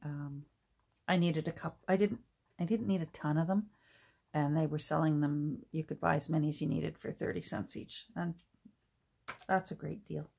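A woman's voice: deep voice, steady tone, normal speed, vocal fry, a little mellow, breathy edge. A middle-aged woman chatting casually and rambling while she crafts at home, with many restarts and ums. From Canada. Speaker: crafting vlogger. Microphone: camera mic at a work table.

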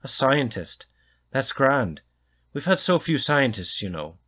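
Male reader playing a loud, jowly, blustering fat man with a thick brogue. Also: big pitch swings, drawn-out words, exaggerated voice. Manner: booming, pushy.

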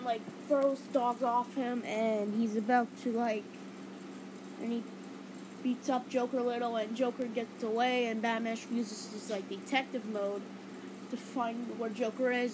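A woman's voice: a little high, noisy background. A woman counting down her favourite movie fight scenes in a casual, rambling way, full of enthusiasm and fillers like "like". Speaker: movie reviewer.

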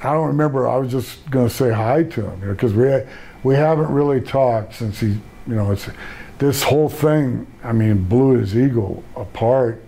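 A man's voice: mid-range voice, vocal fry, mellow, husky. An older man, a retired pro wrestler, telling rambling stories in a casual interview with many restarts. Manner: rambling storyteller, frequent restarts.

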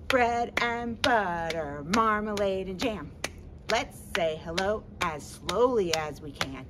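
A woman's voice: medium pitch, animated, takes it slowly, background noise. A woman hosting a children's story-time in an empty library, talking in a playful, exaggerated sing-song way for kids.

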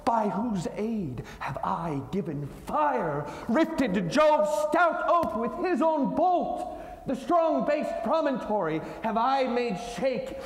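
A man playing Prospero, slow and declamatory. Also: very high-pitched, sing-song, full character voice. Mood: thundering. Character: aging male sorcerer renouncing his magic, commanding. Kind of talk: Shakespeare recitation on stage. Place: large auditorium, live audience. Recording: echoey hall, long reverb.

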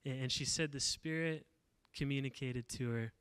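A man's voice: fairly high pitch, steady tone, normal speed, fairly bright tone, clean tone, dry recording, studio quality. A male pastor preaching a casual, storytelling sermon, talking conversationally with frequent fillers and restarts.

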